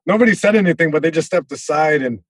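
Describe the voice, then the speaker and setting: Man, comedian guest, animated storyteller, slightly high voice, dry studio sound. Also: fast talker, no echo. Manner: animated, acts out voices, many restarts. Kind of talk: casual storytelling chat.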